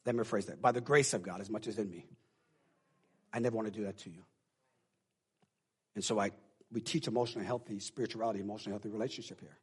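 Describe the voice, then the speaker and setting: Husky-voiced preaching pastor. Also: male voice, on the low side, fairly even intonation, quick pace, long pauses. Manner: emotional, swings from hushed confiding to loud preaching. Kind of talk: sermon. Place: church.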